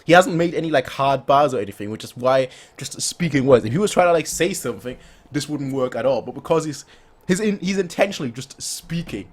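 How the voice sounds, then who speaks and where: A man's voice: medium pitch, animated, fairly quick. A man hosting a reaction video, giving casual commentary and often stammering and restarting his sentences.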